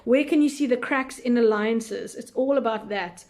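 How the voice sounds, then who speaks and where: A woman's voice: on the high side, moderate pace, a little mellow. Chatty woman hosting live. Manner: thinking aloud, many fillers, unsure and chatty. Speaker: recap show host answering viewer questions. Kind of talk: casual live chat.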